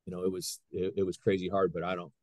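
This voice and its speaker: A middle-aged man, a high school wrestling coach, telling stories in a casual interview with lots of restarts. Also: fast, dry recording. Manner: animated storyteller, frequent restarts.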